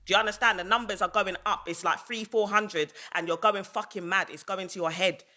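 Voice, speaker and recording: A woman's voice: mid-range voice, fairly even intonation, a little fast, bright, forceful tone. A woman ranting on a livestream, heated and repetitive, hammering her points over and over. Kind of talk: livestream rant.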